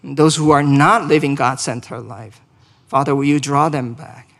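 A man's voice: mid-range voice, steady tone, moderate pace, creaky, fairly bright tone, in a large hall. A man preaching a sermon and leading a closing prayer, speaking earnestly, asking the congregation questions and rising to emphatic peaks. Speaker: pastor.

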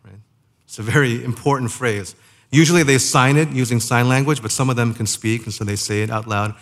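Guy giving a sermon, mid-pitched voice, chatty, rhetorical questions, drags out the big lines. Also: fairly bright tone. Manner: conversational preaching, rhetorical questions, slows down for emphasis. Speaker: pastor.

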